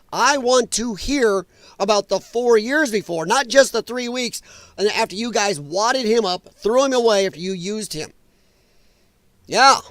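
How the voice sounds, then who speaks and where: The political stream host keeps up his profane, sarcastic rant, calling out viewers in chat by name as he comments. His voice sits high with a fairly bright tone, and the recording is dry.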